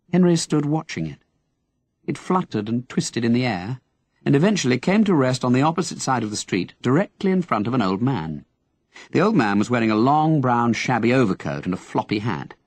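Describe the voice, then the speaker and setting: A man narrating an audiobook in an expressive storytelling manner. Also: medium pitch, breathy edge, no room sound. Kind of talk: scripted narration.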